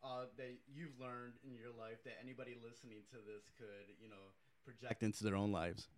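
A man hosting a casual interview, asking questions in a relaxed way. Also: mid-range voice, fairly quick. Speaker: interviewer host. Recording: clear background noise.

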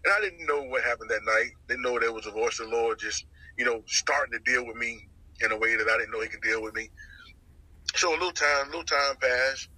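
A middle-aged man tells his life story as testimony. His voice is husky and tight, with a very bright, sharp edge. He talks with lots of animation, repeating lines and putting on the voices of the people he quotes. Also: mid-range voice, no echo, poor audio. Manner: lively storyteller who acts out the voices he quotes, repeats phrases. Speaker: guest sharing his testimony.

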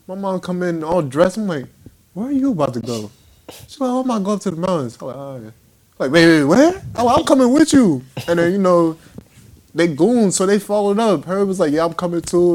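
Young man, slightly high voice, animated, laughing storyteller among friends.

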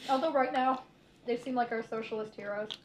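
A woman co-hosting a podcast, chatting casually and cracking deadpan jokes. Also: a little high, a little fast. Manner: wry, deadpan jokey. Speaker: podcast co-host. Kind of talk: casual chat. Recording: echoey room with noise.

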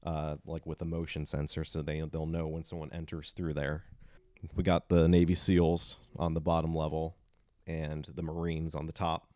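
A man with a very deep voice chatting through a movie recap. He breaks into loud, animated quotes of the lines. The sound is dry and close. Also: no echo. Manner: retells scenes in animated bursts, quoting lines loudly. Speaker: podcast co-host. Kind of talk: casual film discussion.

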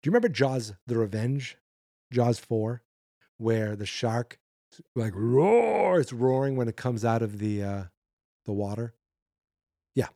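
A podcast host recaps a film with mounting exasperation, full of sarcasm and rambling asides. His voice is mellow and dark in tone. The recording is dry and close. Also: mid-range voice, steady tone, measured pace, long pauses, dry recording. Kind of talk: casual movie recap and rant.

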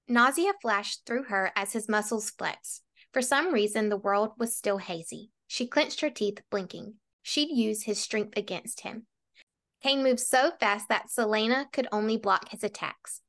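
A young woman with a fairly high voice co-hosts a book podcast. She trades dry quips in casual chat and reads chapters aloud at an even, storybook pace.

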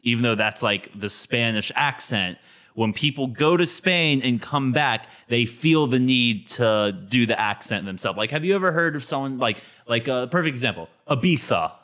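A man's voice: mid-range voice, animated, moderate pace, fairly bright tone. A man with a Texan accent co-hosting a podcast, ranting in an opinionated, mock-indignant way. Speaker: podcast co-host. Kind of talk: casual podcast chat.

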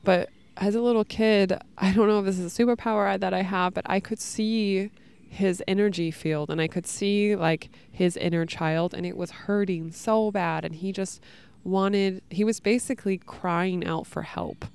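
Gravelly, smooth-voiced woman talking casually. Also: medium pitch, steady tone, normal speed, a little mellow. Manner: casual, frequent "like" and "you know". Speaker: podcast host. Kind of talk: reflective solo talk.

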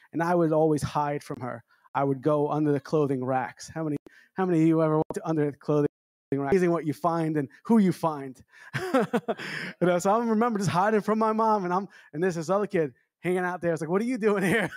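A traveling minister preaching to a congregation in a chatty, storytelling way, often adding "amen" and restarting phrases. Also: male voice, fairly high pitch, a little mellow, no room sound, clean studio sound. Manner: conversational preaching with repeated amens. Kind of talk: sermon.

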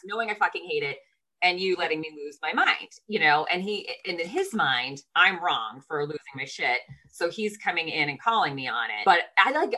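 Lively, bright-voiced woman telling stories. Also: a little fast, low-quality recording. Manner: animated storyteller, voice jumps high when reliving moments; swears casually. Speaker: podcast co-host. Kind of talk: casual chat.

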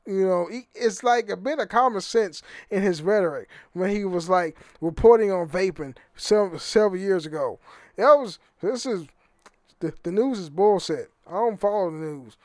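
High-voiced profane American man rambling. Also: normal speed, no echo, clean studio sound. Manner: rambling, profane, repeats words when restarting. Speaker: podcast host. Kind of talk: casual solo podcast monologue.

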